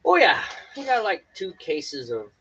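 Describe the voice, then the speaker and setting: A man co-hosting a live homebrew stream jokes and chats casually while he brews. His high, husky voice swoops wildly in pitch, sounding pushed and bright at a slightly slow pace, and the recording is muffled.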